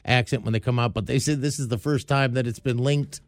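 A male radio co-host with a middle-pitched voice cuts in with quick questions and dry jokes. He is recorded close, with no room sound. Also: fairly even intonation, no echo. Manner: wisecracking, chimes in. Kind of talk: casual talk radio banter.

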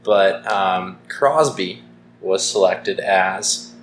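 A man's voice: low voice, drawn-out words. A young man from Saskatchewan with a Canadian accent, co-hosting a podcast in casual chat, opinionated and dryly joking, with many ums. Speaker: podcast co-host. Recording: echoey room with faint noise.

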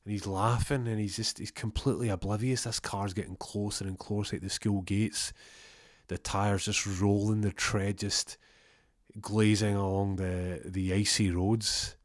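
Man, comic storyteller, rambling and sweary, low voice, dry close sound. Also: little pitch movement, measured pace, dry recording. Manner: rambling, sweary, stumbling restarts.

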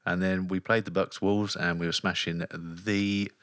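Male podcast host, wry storyteller; low voice, bright tone, dry sound. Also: little pitch movement, unhurried, no echo. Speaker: podcast host, flag football player. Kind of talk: casual chat.

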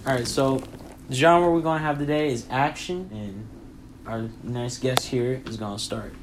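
A man's voice: mid-range voice, moderate pace, background noise. A man hosting an improv comedy podcast, upbeat and steering the scene. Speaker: podcast host.

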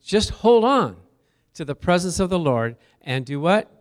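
Animated pastor man preaching. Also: high voice, unhurried. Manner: storytelling, asks the congregation questions. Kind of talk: sermon.

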